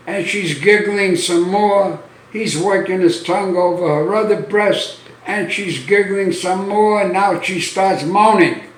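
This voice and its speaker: A man telling a string of dirty jokes as a stand-up comedian, with a deadpan storyteller's delivery that punches the lines. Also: high voice, a little hiss or hum. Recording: roomy sound from a distant mic.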